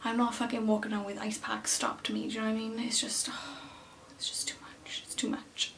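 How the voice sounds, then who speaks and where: Whispering in a gravelly, slightly bright voice on the high side, this young vlogger talks a little fast with a completely flat delivery. She chats to the camera from a small, cluttered room at home, full of fillers, recounting what people told her. She sounds slightly distant, with faint room noise behind her.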